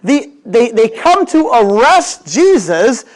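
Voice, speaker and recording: A male pastor preaching with a lively voice that swings up and down in pitch. He tells a Bible story like a conversation, throws in jokes and acts out the quotes. He keeps talking straight to the people in front of him. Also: takes it slowly. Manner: conversational, addresses the congregation directly. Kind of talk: sermon.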